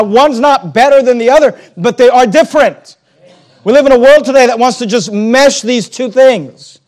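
A man's voice: very high-pitched, darkish tone. A man preaching a sermon as pastor, emphatic and conversational, repeating phrases and turning aside to address the congregation directly.

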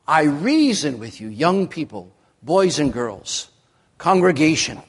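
Male pastor, sermon delivery, unhurried and emphatic, long hall reverb. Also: very animated, breathy edge. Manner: slow, emphatic delivery with sweeping pitch. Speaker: preacher. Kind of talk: evening sermon.

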